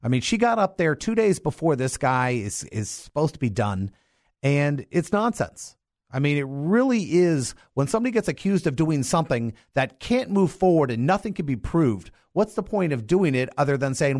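Emphatic older male lawyer, lively pitch. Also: normal speed, no echo, studio quality. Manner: emphatic, indignant, restarts often. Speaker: attorney guest. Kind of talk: opinionated radio commentary. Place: radio studio. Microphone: studio microphone.

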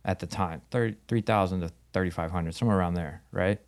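A man in a relaxed podcast chat spins a story with real animation. He slips into the voices of the people he quotes and swears without a second thought. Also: sits low, fast talker. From United States. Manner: animated, acts out quoted dialogue, swears casually. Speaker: podcast guest, Muay Thai fighter. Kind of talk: casual storytelling in conversation.

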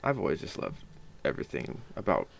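A man's voice: rumbling low, huge pitch swings, a little fast, creaky. A young man co-hosting a podcast, chatting easily but hesitantly, often trailing off mid-sentence. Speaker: podcast co-host. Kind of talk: casual chat.

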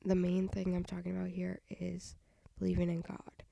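Tired young woman, gravelly half-whisper. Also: on the low side, completely flat delivery, moderate pace, warm tone, no room sound, lo-fi sound. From United States. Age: young adult. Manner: rambling, frank, with sighs and little laughs. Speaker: podcast host. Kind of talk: casual solo podcast chat.

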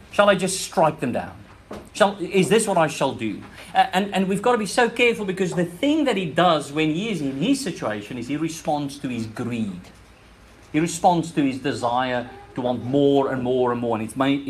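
A pastor with a South African accent preaches earnestly in church, often repeating words and restarting phrases to press his points. His voice is mid-range, with a little hiss or hum in the recording.

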